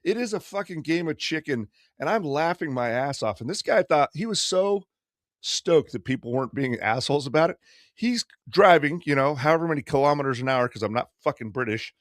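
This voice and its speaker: A man's voice: on the high side, expressive, fairly quick. A man in his fifties spins a profane travel story in a loose podcast chat. He acts out the people he quotes, and his voice rises and falls widely. The sound is dry and close, with no room echo. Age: 50s. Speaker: podcast host.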